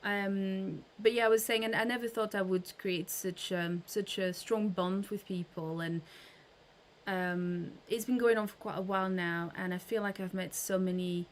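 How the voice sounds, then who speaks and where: A woman with a mid-range voice and fairly even intonation hosts a casual livestream at normal speed, with slight background noise. She chats with her audience and greets viewers by name, using lots of fillers and restarts.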